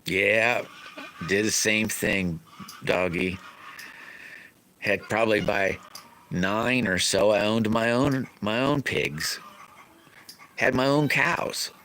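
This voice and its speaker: A middle-aged man rambles through folksy stories on his live stream, often chuckling. His voice sits very low in pitch. His tone is bright and sharp-edged. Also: slow, long pauses, a little hiss or hum. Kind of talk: casual storytelling chat.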